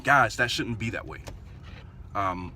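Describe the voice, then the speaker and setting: Man, earnest casual commentary, lots of restarts, bright tone. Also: lowish voice, lively intonation, slow, a little hiss or hum. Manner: earnest, repeats phrases and restarts often. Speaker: vlogger.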